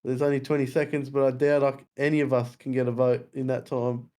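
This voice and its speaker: A man's voice: medium pitch, little pitch movement, fast, mellow. A man hosting a live music game show, chatting casually and teasing the contestants. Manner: laughing, teasing banter. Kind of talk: casual live-stream chat.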